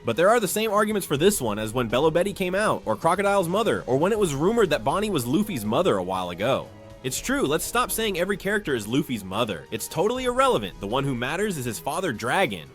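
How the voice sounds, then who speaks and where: A man giving a chapter recap as a manga commentator, opinionated and quick to scoff at fan theories. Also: on the high side, a bit bright.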